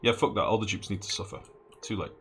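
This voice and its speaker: Deep-voiced man streaming a game. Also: lively intonation, quick pace, a little hiss or hum. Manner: thinks aloud, swears casually, chats with viewers. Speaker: gaming streamer. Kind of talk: casual live game commentary. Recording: game music under the voice.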